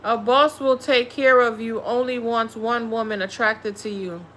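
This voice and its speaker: A woman's voice: on the high side, fairly even intonation, measured pace, fairly bright tone, slight background noise. A woman giving a blunt, profane, scolding tarot reading on a live stream. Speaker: tarot reader.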